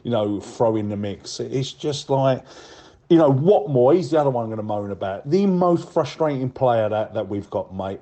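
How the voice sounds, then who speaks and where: A man's voice: mid-range voice, lively intonation, normal speed, mellow. A man leaving a voicemail, ranting bluntly and with frustration, swearing and saying mate often.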